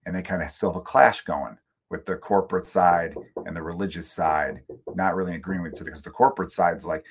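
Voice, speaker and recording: Husky low-voiced man ranting. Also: fast talker. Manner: loose, profane, rambling. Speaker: podcast host. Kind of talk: casual ranting monologue. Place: home.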